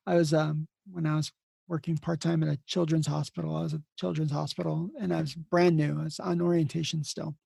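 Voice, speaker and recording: A middle-aged man with a heavily gravelly, husky voice, recorded close and dry. He tells rambling, blunt anecdotes in a casual interview, putting on the voices of the people he quotes. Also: a little high, little pitch movement, a little fast, warm tone, dry recording. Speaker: emergency nurse and podcast host, here the guest.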